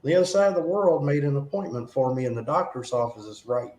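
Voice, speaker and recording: A man's voice: mid-range voice, fast. Chatty storytelling man in an echoey room. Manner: animated storyteller, mimics call-center voices. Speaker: host. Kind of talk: casual chat. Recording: roomy with faint background hum.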